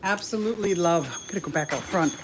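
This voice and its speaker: A woman's voice: lowish voice, expressive, fast. Woman, casual vlog, chatty and giggly, handheld camera, faint outdoor noise. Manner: chatty, giggly, talks to her pets and viewers. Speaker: fish keeping channel host. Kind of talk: casual home tour vlog. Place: walking around a house and front yard.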